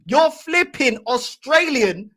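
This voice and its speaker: A woman's voice: sits high, very animated, a bit bright. A woman, teasing and mocking her opponent in a heated fan debate, full of slang. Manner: mocking, teasing, rapid-fire banter with slang.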